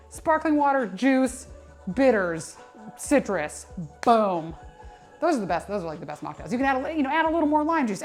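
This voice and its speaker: Chatting on a livestream from the gym, a young woman who works as a personal trainer and nutrition coach rambles along, full of fillers, restarts and self-corrections. Her voice sits high and she sounds a little tired between sets, with soft music playing faintly behind her.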